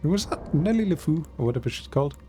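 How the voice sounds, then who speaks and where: This man's voice is a little high and quick as he streams a video game with faint music behind. He reacts aloud to the play and rambles through self-mocking stories, a lively storyteller poking fun at himself.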